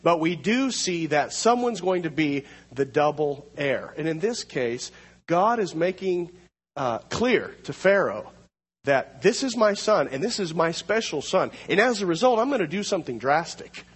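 A man preaching a sermon, teaching through a Bible passage, slowing down to read scripture aloud. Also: a little high, big pitch swings, breathy edge, big-room sound.

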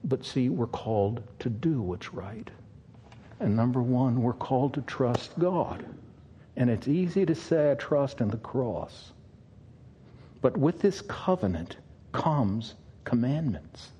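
An older man, a pastor, preaching an earnest sermon with long pauses and a pleading tone. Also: medium pitch, animated, dark tone, a little hiss or hum.

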